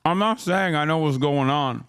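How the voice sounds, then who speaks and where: In his thirties, a streamer doing live political commentary rants combatively at his chat, swearing often. His voice is fairly high, clean, and a bit bright, moving at normal speed.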